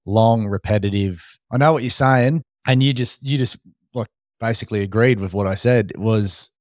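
A man's voice: lowish voice, moderate pace, a little mellow, dry recording, studio quality. An Australian man hosting a podcast, chatting casually and reflectively in short phrases. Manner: reflective, talks in short listed phrases with frequent "you know". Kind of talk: casual interview chat.

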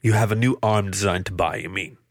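A man reading as a burly mercenary with a rumbling, offhand delivery. He sounds gruff and low in this storybook crew. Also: fairly even intonation, a little fast, dry recording, studio quality, close to an everyday voice. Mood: casual. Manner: rumbling, casual. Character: gruff male mercenary with family debts.

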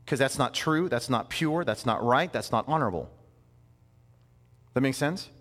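A man in his thirties preaching a sermon in a conversational, animated way, with playful asides. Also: medium pitch, normal speed, long reverb tail. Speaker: pastor.

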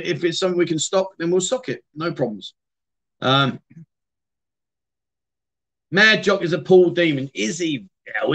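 A man's voice: fairly high pitch, fairly bright tone. Chatty British man hosting a livestream. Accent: British English. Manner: chatty and self-deprecating, trails off and restarts. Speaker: livestream host. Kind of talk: casual livestream chat reading viewer comments. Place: home streaming room.

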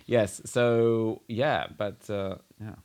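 A man's voice: fairly low pitch, fairly even intonation, very slow, darkish tone, clear, resonant tone. A man co-hosting a podcast in casual chat, talking earnestly and rambling with restarts. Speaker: podcast co-host.

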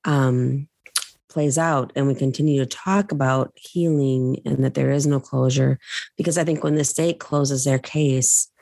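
A woman hosting an interview, asking questions in a gentle, thoughtful way. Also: rumbling low, steady tone, measured pace, vocal fry, no echo. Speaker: podcast host.

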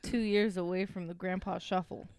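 A woman co-hosting a casual podcast, blunt and joking, reacting quickly. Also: lowish voice, steady tone, darkish tone. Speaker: podcast co-host. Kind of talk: casual chat.

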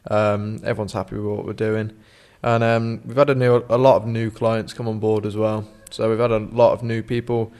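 A man's voice: lowish voice, little pitch movement, normal speed, few pauses, a little mellow. A young man in his twenties, a business owner speaking candidly in a studio interview with frequent ums. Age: 20s.

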